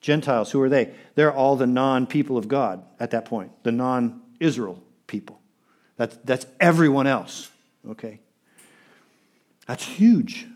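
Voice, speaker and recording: A man preaches a sermon in an earnest, emphatic voice of ordinary middle pitch. He leans on key words and repeats phrases to drive them home. He often turns to the congregation and asks them to respond. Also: a little slow, darkish tone. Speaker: pastor.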